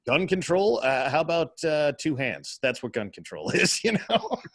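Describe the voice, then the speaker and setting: A man in casual talk, animated and sarcastic in his remarks. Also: a little high, normal speed, no room sound, studio quality. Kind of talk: casual chat.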